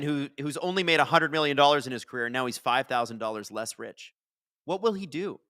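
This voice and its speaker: Excitable man with a bright voice. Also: medium pitch, dry recording, studio quality. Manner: excitable, reacts loudly to plays, chatty asides. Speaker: watch-along host. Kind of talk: live game watch-along commentary.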